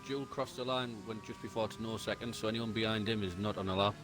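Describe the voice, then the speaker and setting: A man's voice: on the low side, steady tone, fast, a bit bright. A man with a Northeast English accent, co-commentating a race with dry, bantering asides. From Northeast England.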